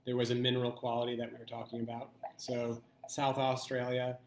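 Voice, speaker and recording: A man hosting a live online blind wine tasting, thinking aloud in an unhurried way and pausing often to weigh his options. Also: medium pitch, completely flat delivery, echoey room, slight background noise. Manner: thoughtful, thinking aloud with pauses.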